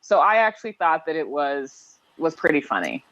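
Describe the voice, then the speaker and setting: A woman's voice: deep voice, sing-song, normal speed, fairly bright tone, muffled recording. A woman co-hosting a casual podcast chat, steering the conversation in a matter-of-fact way. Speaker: podcast co-host.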